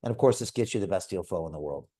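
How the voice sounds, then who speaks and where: A man in his fifties hosts a live video call. He pitches hard and persuasively, with an energetic, storytelling manner. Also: very fast. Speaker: host.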